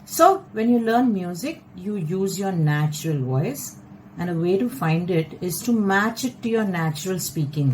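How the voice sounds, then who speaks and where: A woman vocal coach teaching a lesson, explaining in a measured, patient way. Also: on the low side, a little mellow, slight background noise, rough recording.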